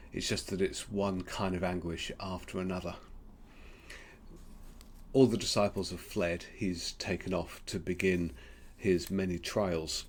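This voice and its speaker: A man with an Australian accent giving a gentle, reflective Lenten devotional, pausing often with ums. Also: low-pitched, a little hiss or hum. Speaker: preacher.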